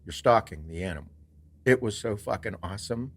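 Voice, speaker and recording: Profane, animated low-voiced man storyteller. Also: fairly quick, slightly rough. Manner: animated, swears freely. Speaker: podcast host. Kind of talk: casual storytelling.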